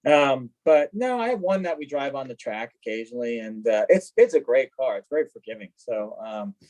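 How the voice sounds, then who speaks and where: A man telling stories in a casual chat as a guest, lively, acting out what people said. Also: mid-range voice, brisk, poor audio. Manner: animated, acts out quoted dialogue. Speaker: guest, car collector. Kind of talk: casual storytelling.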